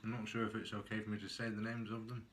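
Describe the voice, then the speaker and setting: A man's voice: fairly low pitch, flat delivery, fast, fairly bright tone, a little hiss or hum, rough recording. A man hosting a casual cooking and eating vlog, chatty and self-mocking, chuckling often. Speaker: cooking vlogger.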